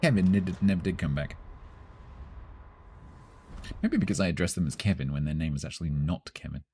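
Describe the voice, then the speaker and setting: A man's voice: sits low, lively intonation, a little fast, warm tone, a little hiss or hum. A man, chatting casually on a live stream, answering chat and chuckling often.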